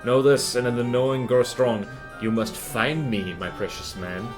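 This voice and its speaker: A man's voice: mid-range voice, normal speed, over music, close to an everyday voice. A man voicing an ancient, cryptic hag in a put-on Scottish accent, speaking in riddles with twisted word order. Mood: riddling. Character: ancient cackling hag crone, cryptic and possessive.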